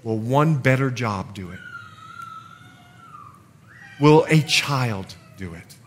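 A middle-aged man preaching a sermon in an animated way, swinging between loud passages and hushed ones and acting out the voices in the scripture. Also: mid-range voice, slow pace, a little hiss or hum.

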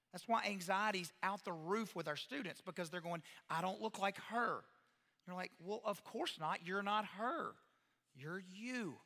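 A man, a pastor, giving an animated sermon-style talk to parents, acting out quoted voices and asking the audience questions. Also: high-pitched, vocal fry, in a large hall.

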